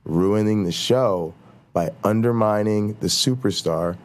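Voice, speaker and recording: A man's voice: on the low side, unhurried. Heated man ranting on his show. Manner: heated, repetitive, talks in restarts and mock quotes. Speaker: show host. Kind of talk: ranting casual talk show monologue.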